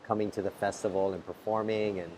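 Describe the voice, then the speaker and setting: A man's voice: on the low side, level tone, quick pace, darkish tone, a little hiss or hum. A man interviewing a guest, asking questions hesitantly with fillers.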